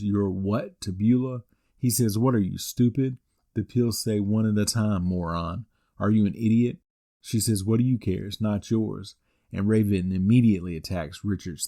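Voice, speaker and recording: A man in his forties hosts a podcast, walking through events in a steady, scripted play-by-play with the odd dry aside. His voice sits on the low side and sounds dark and mellow. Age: 40s. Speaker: wrestling podcast host. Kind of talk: scripted recap narration.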